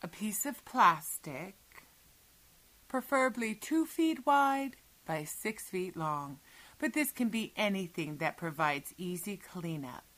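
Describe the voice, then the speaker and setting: A woman in a whispered role-play, giving soothing, commanding hypnotic instructions and often sinking into breathy whispers. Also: mid-range voice, animated, slow pace, fairly bright tone. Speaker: hypnosis audio performer.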